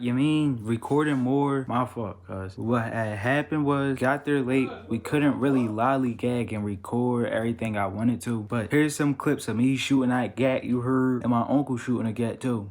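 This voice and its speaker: A man talking to his viewers in relaxed street slang. He rushes through his words and keeps apologizing as he goes. Clear background noise sits under his voice at an ordinary pitch. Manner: loose slang, hurried and apologetic. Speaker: vlogger. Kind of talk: casual vlog talk.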